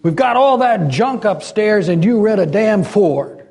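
An older man voicing a phony male guru in a sermon reading, slow and calm. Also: high-pitched, gravelly, pitched above the performer's own voice, full character voice. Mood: angry. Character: phony male guru, serene then snarling.

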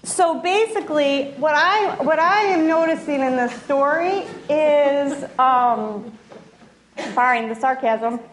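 A woman telling a fable in a gentle storytelling manner, with restarts and asides. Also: sits high, slow pace, a little hiss or hum. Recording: roomy echo.

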